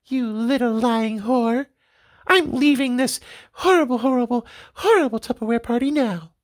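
A woman voicing a group of gossiping 1980s housewives in a high, giggly, prim voice. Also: very animated, measured pace, heavily acted. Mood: squabbling.

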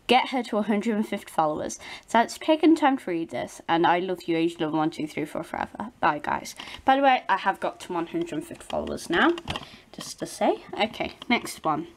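A woman with a British accent hosting a doll channel, reading fan messages aloud. She reads hesitantly, stumbles over names and apologises often. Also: on the low side.

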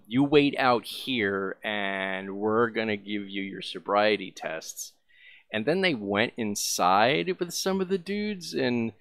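Man vlogger, lowish voice, dry close sound, loose rambling storytelling. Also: creaky, fairly bright tone, no room sound. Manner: rambling, full of fillers. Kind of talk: casual storytelling.

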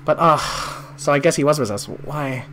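A young woman playing a video game and commenting, very expressive and swinging between groans and outraged shouts. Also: low voice, moderate pace, slight background noise. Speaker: let's play gamer.

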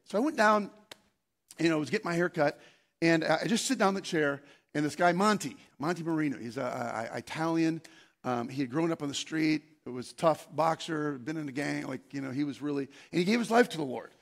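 A man preaching a sermon, telling a rambling personal story with many restarts and bursts of loud excitement. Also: fairly high pitch, a little fast, gravelly. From Scandinavian heritage, Norwegian. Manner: breaks into loud, excited shouting when acting out scenes. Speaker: pastor.

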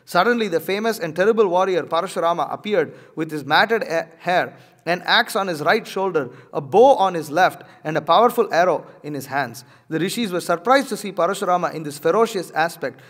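A man reading a religious scripture aloud and pausing to comment, measured and a little hesitant in his asides. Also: sits high, fairly bright tone, long reverb tail. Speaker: religious teacher.

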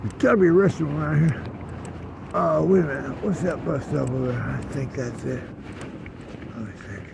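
Man in his sixties, gravelly voice, profane muttering, handheld phone outdoors, loud traffic behind. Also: fairly high pitch, moderate pace, pauses often. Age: 60s. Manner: profane, grumbling, talks to himself. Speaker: vlogger. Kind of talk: walking vlog, muttered running commentary. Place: outdoors on busy city streets. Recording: loud street traffic noise. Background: traffic noise.

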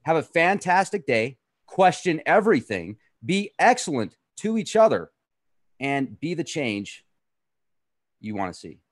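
A man's voice: on the high side, big pitch swings, a little slow, dry recording, studio quality. A man hosting a podcast, signing off in an upbeat, promotional way. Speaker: podcast host. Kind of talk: casual podcast sign-off.

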